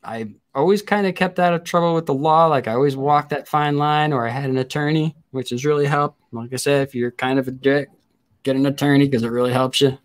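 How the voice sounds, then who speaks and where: A man's voice: medium pitch, steady tone, brisk. Crude, laughing man telling stories. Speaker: host. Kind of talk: casual storytelling chat.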